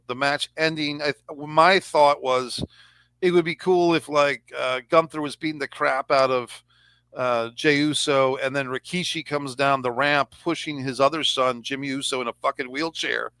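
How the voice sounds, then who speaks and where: A man's voice: medium pitch, fairly even intonation, measured pace, fairly bright tone, clear, resonant tone, no room sound. A man hosting a casual review chat, rambling and sarcastic as he talks things through. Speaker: podcast host.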